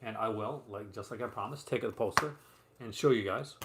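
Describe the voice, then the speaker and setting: A brisk man with a lowish voice shows off physical media movie releases on a casual live stream from a room at home. His talk is chatty and rambling, packed with fillers and asides, and the recording carries roomy echo and faint room noise.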